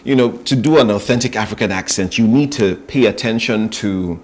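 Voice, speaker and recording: A middle-aged man from Nigeria, a voice-over artist, speaking in a measured, thoughtful way with pauses in a morning TV interview. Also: fairly low pitch.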